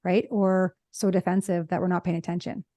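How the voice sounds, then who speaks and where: A quick-talking woman psychologist explains her ideas with examples and little acted-out quotes. Her voice is dark and mellow, and it sits dry and close to the microphone with no room sound. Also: on the low side, flat delivery, no room sound. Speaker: relationship psychologist, podcast co-host. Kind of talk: conversational podcast discussion.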